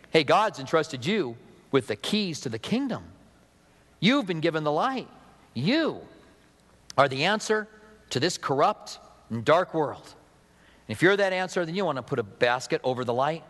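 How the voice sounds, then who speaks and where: A middle-aged man preaching in a slightly high voice, his words carrying a long hall reverb. He talks to the congregation in a relaxed, conversational way, breaking into chatty asides and acting out quotes. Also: moderate pace. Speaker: pastor. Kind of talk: sermon.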